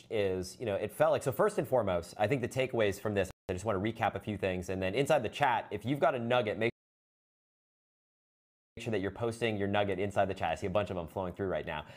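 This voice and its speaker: A man's voice: on the low side, fairly quick, darkish tone. A man hosting a webinar, recapping with lots of fillers and restarts. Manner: rambling, filler-heavy recap. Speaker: host.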